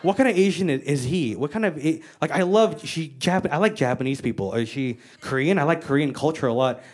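A woman's voice: low-pitched, animated, a little fast, darkish tone. A woman voicing an awkward, well-meaning uncle who rambles and stumbles over his words. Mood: curious. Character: fumbling well-meaning white liberal uncle.

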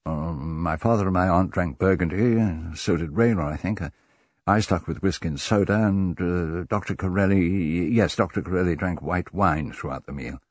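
A man voicing a shaken, frantic young gentleman in an audiobook, halting and unsteady. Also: sits low, no room sound. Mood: anxious.

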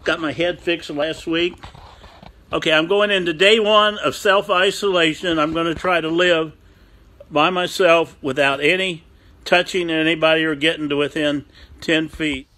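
A man's voice: on the high side, fairly even intonation, normal speed, sharp tone, rough recording. A man in his seventies hosting a casual video diary, exuberant and given to whooping and hollering. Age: 70s. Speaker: vlog host.

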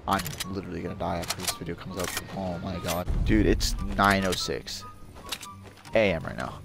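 A teenage boy commentating his gameplay in a hyped, excitable way, full of slang and calling everyone dude. He sometimes drops to a whisper. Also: low-pitched, normal speed, creaky. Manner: whispers at times to stay quiet. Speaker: gaming YouTuber. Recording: loud background music over voice.

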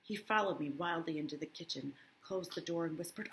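A woman's voice: sits low, brisk, creaky, a little hiss or hum. A woman teacher reading a novel aloud to her class and breaking off for casual asides, often checking in with "right?".

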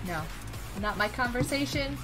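A woman streaming a game, chatting casually and excitably, greeting and thanking her viewers. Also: a little high, moderate pace, loud music behind the voice. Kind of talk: casual live-stream chat while gaming.

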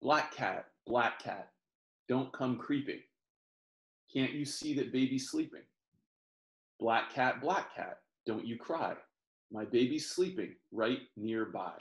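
A man reading a children's picture book aloud in a gentle sing-song, pausing to explain words over a video call. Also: medium pitch, expressive, highs cut off. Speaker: professor reading picture books to families. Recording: roomy echo.

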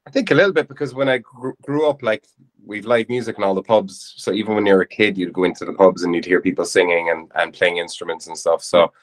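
A man's voice: deep voice, steady tone, fast talker. An easygoing man with an Irish accent, chatting as a guest musician in an interview. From Cork, Ireland. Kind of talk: casual interview chat.

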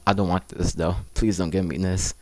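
Casual gaming host, male, lower register, chatty and eager, dry close sound. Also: level tone, normal speed, no echo. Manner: chatty, keeps addressing viewers as "guys"; pleading and eager. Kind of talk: casual game commentary.

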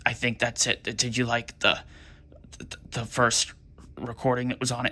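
A man's voice: mid-range voice, level tone, brisk, sharp tone. A man casually talking to the camera while he fiddles with a toy recording, rambling and stammering as he thinks aloud. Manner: stammering, rambling, muttering to himself.

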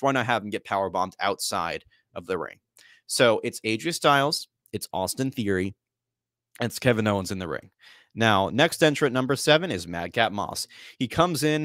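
A man's voice: lowish voice, fairly bright tone, no room sound, studio quality. A young man hosting a casual sports prediction podcast, telling it like a story. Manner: storytelling, conversational with fillers. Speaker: podcast host.

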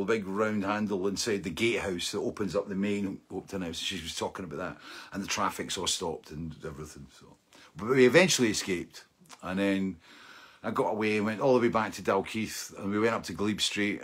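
Scottish male host, low husky tone, casual rambling storyteller who laughs a lot. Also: a little fast. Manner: rambling, animated, laughs often. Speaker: livestream host.

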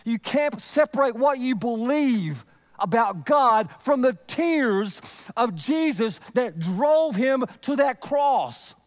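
A man preaching a sermon, earnest, swinging from loud emphasis to a near whisper. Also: very high-pitched, expressive, takes it slowly. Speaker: pastor.

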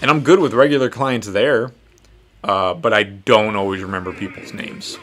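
Playing a fighting game on his podcast, a tattoo artist host talks loosely, cursing and joking at his own expense. He has a lowish, slightly bright voice with a steady tone and ordinary pace.

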